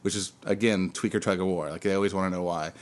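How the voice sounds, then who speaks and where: Guy on a podcast rattling off a bar story, kinda low voice, swears a lot. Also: steady tone, quick pace. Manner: candid, profane, laughing now and then. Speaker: bartender, podcast co-host. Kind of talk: casual storytelling.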